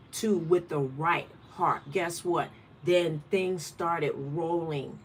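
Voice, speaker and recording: With a lowish voice over a bit of hiss or hum, a Michigan woman runs a card-of-the-day livestream on her channel as a spiritual card reader. She talks casually and bluntly, driving points home by repeating them.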